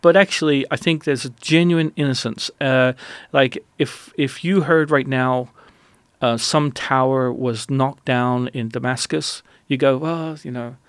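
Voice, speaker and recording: A man who is a guest on a radio interview, telling a personal story in an animated, rambling way with many restarts. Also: medium pitch, unhurried, clean tone, no room sound.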